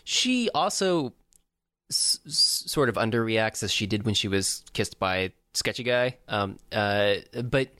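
A man's voice: on the low side, expressive, unhurried, bright, forceful tone, no echo. A man co-hosting a casual movie-review chat, hesitant with many fillers and dry asides. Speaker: podcast co-host.

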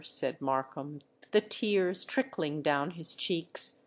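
Woman narrator, audiobook, steady, lively pitch. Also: slow. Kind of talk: audiobook reading.

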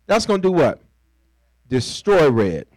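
This pastor's voice is a little high and darkish in tone, with a sing-song lilt and a slightly slow pace. He preaches conversationally and playfully, prompting the congregation to finish his lines and staging little scenes. The rough recording has no room sound.

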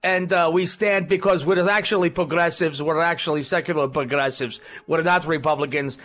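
Give me a man playing a mock-earnest Russian party loyalist with a thick put-on accent, on the high side. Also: steady tone, moderate pace, a bit bright, lightly acted. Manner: broken grammar, mock-earnest.

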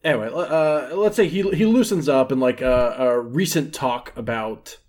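An American man chatting and playing his character in a tabletop game, halting and full of fillers. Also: medium pitch, darkish tone. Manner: rambling, halting, many fillers. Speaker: player.

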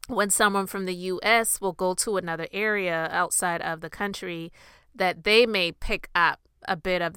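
Woman commentary host, crisp voice, opinionated, dry studio sound. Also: mid-range voice, bright, forceful tone, dry recording. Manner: chatty, opinionated, emphatic. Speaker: podcast host. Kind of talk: casual commentary.

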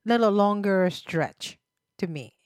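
A woman co-hosting a casual talk show, telling stories with loud laughs and non-native grammar. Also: mid-range voice, lively intonation, slow, clean tone, dry recording. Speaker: podcast co-host. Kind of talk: casual chat.

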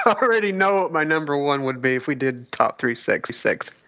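A man's voice: on the high side, sing-song, moderate pace, fairly bright tone, no echo, low-quality recording. A man co-hosting a podcast in casual, playful chat. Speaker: podcast co-host.

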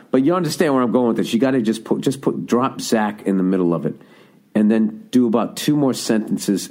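A man in his forties rambles through a solo comedy podcast with a low voice. His tone is warm and relaxed, and his delivery is profane and animated. He keeps breaking off to correct himself. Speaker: podcast host.

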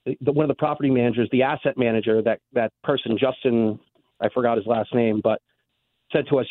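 A man's voice: medium pitch, fairly even intonation, no room sound. Upset man calling in on a tinny phone line. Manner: upset, earnest, halting with restarts. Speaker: caller. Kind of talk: emotional call-in to a radio talk show.

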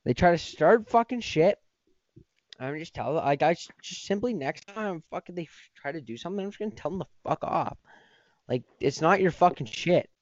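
A man's voice: on the high side, animated, moderate pace, darkish tone, no room sound, highs cut off. A man hosting a podcast, ranting in a heated, profane, rambling way. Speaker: podcast host. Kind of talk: casual podcast rant.

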